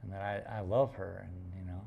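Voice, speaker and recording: Low, mellow male painter, slow rambling live chat, jokey and profane. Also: level tone, gravelly, slight background noise. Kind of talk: casual livestream chat.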